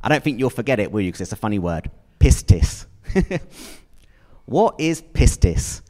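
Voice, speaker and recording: A man with a lowish, darkish voice and big pitch swings preaches at a moderate pace. Chatty and questioning, he frequently checks in with his listeners and puts questions to the congregation. The church hall adds a long reverb to the recording.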